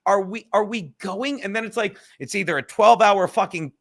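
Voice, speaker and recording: A man's voice: high-pitched, a little fast. A man hosting a livestream, profane, rambling and fired-up. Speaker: livestream host. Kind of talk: livestream chat.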